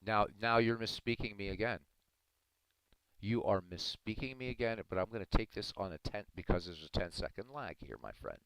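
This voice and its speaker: Deep-voiced man arguing with chat. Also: expressive, moderate pace, fairly bright tone, clean tone, poor audio. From Ireland. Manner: argumentative, talking back to chat. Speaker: live streamer reading chat. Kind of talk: casual livestream chat.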